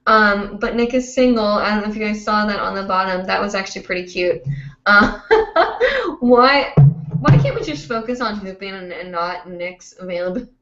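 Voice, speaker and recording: A woman's voice: mid-range voice, normal speed, a bit bright, reverberant, highs cut off. A woman hosting a live online show, rambling and chatty with plenty of fillers, heard over a video call. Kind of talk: casual live-stream chat.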